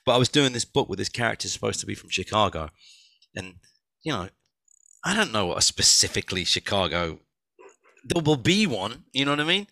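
A man, an author and audiobook narrator, chatting as a guest in an animated, rambling way with many restarts. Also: lowish voice, fairly quick, creaky, no echo. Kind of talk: casual conversation.

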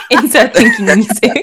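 A woman's voice: a little high, fairly bright tone. An Australian woman hosting a podcast, teasing her guest and laughing easily. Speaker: podcast host. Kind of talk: casual podcast chat.

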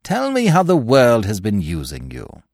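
A man playing a gentle, wry plainclothes cop. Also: lowish voice, huge pitch swings, normal speed, no echo, clean studio sound, heavily acted. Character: gentle, dry-humored male plainclothes police officer.

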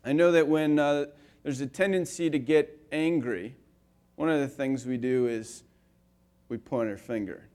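A male pastor giving a conversational sermon, telling stories with lively swings between loud and quiet and filling his talk with "like" and "you know.". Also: mid-range voice, measured pace. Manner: animated storyteller, swinging between loud and soft; casual, with frequent "like" and "you know".

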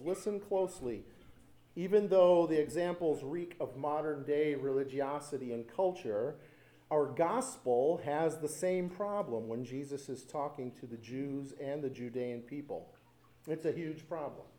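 A man's voice: a little high, dark tone. A man preaching a sermon as pastor, telling stories with animation and repeating lines for emphasis.

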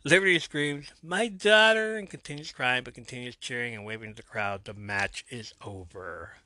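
A man's voice: medium pitch, fairly even intonation, normal speed, sharp tone, no echo. A man hosting a podcast, retelling a TV episode scene by scene in casual play-by-play and briefly voicing the characters. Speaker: podcast host recapping a TV episode. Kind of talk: casual recap narration.

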